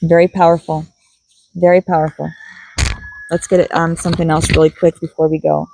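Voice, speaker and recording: A woman's voice: sits low, level tone, a little fast, noisy background. A woman giving a spiritual card reading to her viewers, musing aloud and repeating key words as she goes. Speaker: tarot and oracle card reader.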